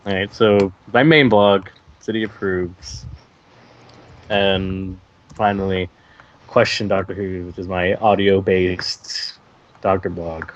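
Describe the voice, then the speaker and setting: A man with a deep, low voice talks casually as an interview guest, rambling along with frequent fillers and restarts. The sound is dull and lo-fi, like an online call recording. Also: flat delivery, slow pace, slight background noise. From California. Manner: rambling, hesitant, many fillers. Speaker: guest voice actor.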